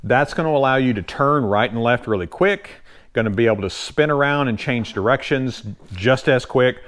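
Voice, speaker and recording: A man with a Southern US accent, hosting his kayak channel and explaining gear terms in a relaxed, folksy way with loose fillers. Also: mid-range voice, normal speed. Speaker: kayak channel host and retailer. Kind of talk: casual instructional explainer.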